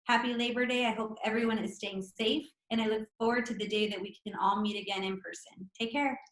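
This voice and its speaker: A woman's voice: a little high, steady tone, a little fast, a bit bright. A woman, a judge, reading a polite, scripted video greeting. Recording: echoey room.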